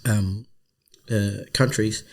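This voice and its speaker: With a lowish, gravelly voice and drawn-out words, a comedian and podcast co-host tells a story in casual conversation, animatedly impersonating the other people involved. There's noticeable noise in the background.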